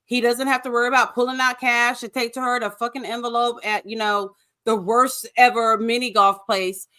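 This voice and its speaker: Guest woman, higher pitched, sharp bright tone, blunt and sarcastic. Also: little pitch movement, normal speed. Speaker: guest co-host. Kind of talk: casual chat recapping a show.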